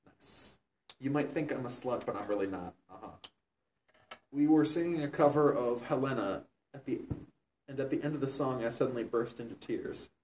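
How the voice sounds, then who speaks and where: A man's voice: medium pitch, normal speed, a little mellow. A young man reading a fan story aloud in a mock-serious way and breaking off to comment between lines. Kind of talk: comedic dramatic reading. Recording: roomy, distant mic with faint noise.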